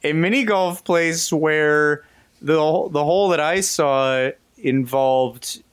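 A man's voice: on the high side, slow, smooth, dry recording. A man co-hosting a casual comedy podcast over a video call, rambling and laughing through jokey asides. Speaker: podcast co-host.

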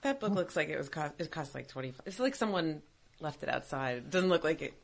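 A woman's voice: low-pitched, animated, a little fast, vocal fry. A woman guest in a studio, teasing and playing along in casual chat. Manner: teasing, amused, plays along. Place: radio studio.

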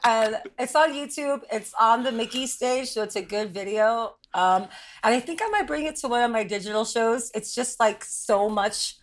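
Guest, female, slightly high pitch, rambly, jokey, laughs a lot. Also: moderate pace, slight background noise. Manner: rambling, self-deprecating, laughs often. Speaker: podcast guest, drag performer. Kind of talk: casual interview chat.

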